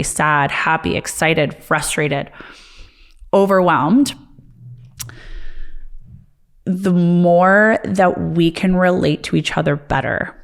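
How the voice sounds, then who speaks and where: A woman who owns a martial arts studio talks to the camera about motherhood in a candid, earnest, reflective way. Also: fairly low pitch. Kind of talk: personal talk to camera.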